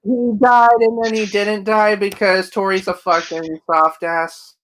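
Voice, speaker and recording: A woman co-hosting a podcast in casual chat over a computer mic, blunt and quick to swear. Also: medium pitch, level tone, rough recording. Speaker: podcast co-host. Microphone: computer mic on an online call.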